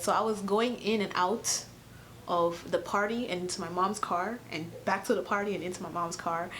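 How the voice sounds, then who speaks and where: Young woman from Cameroon, casual storytime vlog, animated, sarcastic, laughs a lot, middle pitch, faint background noise. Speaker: YouTuber.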